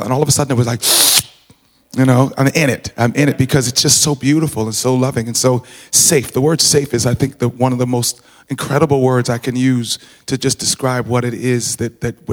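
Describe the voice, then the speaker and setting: Earnest halting man in a reverberant church. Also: mid-range voice, steady tone. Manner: earnest, halting, many restarts. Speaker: congregant sharing gratitude. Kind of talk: informal personal testimony. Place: church sanctuary. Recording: reverberant hall.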